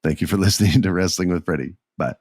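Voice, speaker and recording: A man in his thirties hosting a solo podcast, telling a story excitedly and acting out quotes. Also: deep voice, quick pace, very noisy. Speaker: podcast host.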